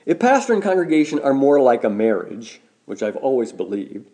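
A man preaching a sermon as a pastor, measured and deliberate, slowing down to stress key words. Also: mid-range voice, big pitch swings, mellow.

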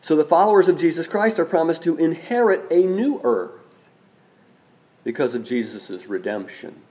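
A man preaching a sermon, speaking in a measured way, slowing down and repeating key phrases for emphasis. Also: fairly high pitch, expressive, warm tone.

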